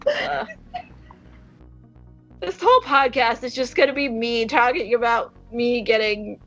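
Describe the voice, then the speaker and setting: A woman's voice: on the high side, normal speed, fairly bright tone. A woman co-hosting a casual podcast, laughing and exclaiming playfully. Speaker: podcast co-host. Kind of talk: casual chat. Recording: dull lo-fi sound, faint music.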